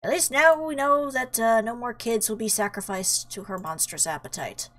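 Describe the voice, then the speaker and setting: A woman's voice: fairly high pitch, normal speed, a bit bright. A woman streamer giving casual, jokey commentary while playing an adventure game, often telling the character where to go. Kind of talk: casual let's-play commentary.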